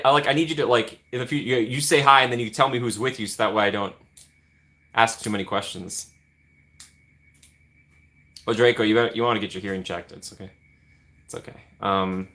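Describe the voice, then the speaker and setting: A livestream host, a young man with a Midwestern American accent, jokes around with his viewers, greets them by name, and responds to their chat messages. He speaks in a bright, forceful, mid-range voice.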